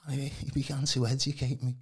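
A man's voice: medium pitch, level tone, fast, darkish tone. A man, giving a rambling casual testimony as a podcast guest, full of colloquial fillers. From Birkenhead, England. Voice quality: gravelly, very husky.

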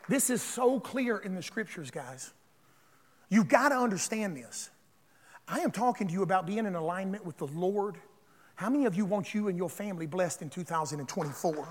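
A man preaching a sermon as pastor, calling on the congregation to respond and building up to shouts. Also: high-pitched, animated, moderate pace, big-room sound, some chatter behind.

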